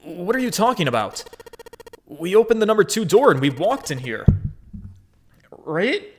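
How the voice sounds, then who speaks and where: A man's voice: high voice, very animated, moderate pace, a little hiss or hum, voice pushed up. A man voicing a blunt, bewildered young man in a game, talking casually with slang. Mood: puzzled.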